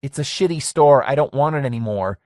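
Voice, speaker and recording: A man's voice: medium pitch, lively intonation, brisk, a little mellow, no echo, studio quality, voice pushed up, natural voice. A man reading the lines of a lonely middle-aged man who wants his youth back, his voice raised and pleading. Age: 40s.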